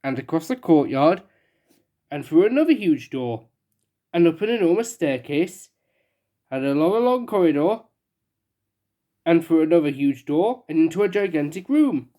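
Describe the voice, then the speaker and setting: A woman's voice: low voice, very animated, moderate pace, pauses often, dark tone. A woman reading a children's picture book aloud with playful, chatty asides. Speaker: storybook reader.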